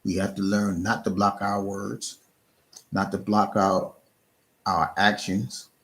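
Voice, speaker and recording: A man's voice: fairly low pitch, little pitch movement, slow pace, fairly bright tone. A man streaming live, giving casual, earnest encouragement to his chat, often restarting and repeating words. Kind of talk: casual motivational talk.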